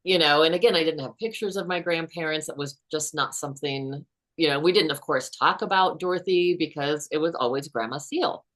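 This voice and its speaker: A woman in her fifties, a guest author, telling a personal story in an earnest, unhurried way. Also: low-pitched, a bit bright.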